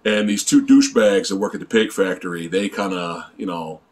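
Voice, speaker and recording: A man's voice: low voice, fairly quick. A man co-hosting a casual movie review, eagerly retelling scenes and often chiming in with agreement. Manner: animated storyteller, frequent agreeing "yeah". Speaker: co-host of a horror movie review vlog.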